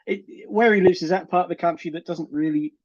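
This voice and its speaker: A man's voice: high-pitched, fast talker, a little mellow. Guy hosting a chat stream, blunt, rambly, keeps restarting, muffled call audio. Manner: rambling, self-interrupting, blunt. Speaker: show host. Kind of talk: casual group chat on a live stream.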